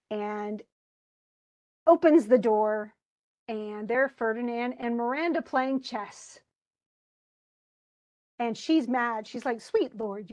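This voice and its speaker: A woman's voice: on the high side, low-quality recording. A woman teaching a play in a casual lecture, reading quoted verse and then retelling it in plain, chatty words. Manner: animated, uses fillers and restarts. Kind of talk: casual lecture, paraphrasing and quoting lines.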